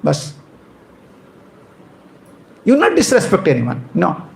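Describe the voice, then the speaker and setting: A man's voice: high-pitched, huge pitch swings, slow, gravelly, reverberant, low-quality recording. A man giving a devotional sermon, emphatic and often repeating and restarting phrases. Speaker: monk preacher.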